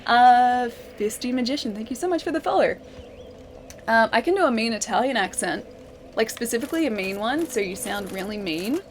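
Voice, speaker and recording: A woman's voice: fairly high pitch, expressive, brisk, a little hiss or hum. An Australian woman streaming a game, chatting casually with her viewers, reading out their comments and reacting to the fight with frequent laughs. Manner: chatty, laughs often, reads chat aloud and reacts to the fight. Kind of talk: casual live-stream chat while gaming. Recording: game music clear behind the voice. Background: game music.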